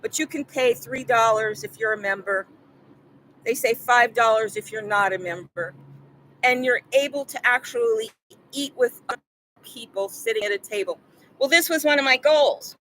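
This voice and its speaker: A woman's voice: a little high, moderate pace, bright, forceful tone, slight background noise, rough recording. An older woman vlogging, telling a personal story in an earnest, rambling way that repeats words when she gets upset.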